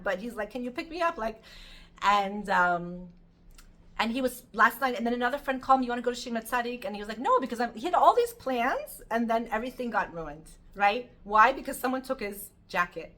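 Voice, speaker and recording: A middle-aged woman giving an informal Torah class, telling stories in an animated, chatty way. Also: on the high side. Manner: animated storytelling, lively and chatty. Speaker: Torah teacher.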